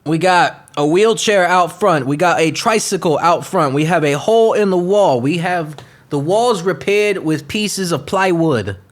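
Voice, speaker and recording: Young male podcast host, profane and sarcastic, a bit higher voice, rant-style news reading. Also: unhurried. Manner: profane, mocking, switches into goofy voices.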